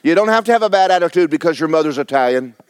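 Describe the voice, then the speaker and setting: A man's voice: fairly high pitch, lively intonation, very fast, clean tone, no room sound. A man preaching a sermon, folksy and fiery, repeating phrases for emphasis. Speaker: pastor.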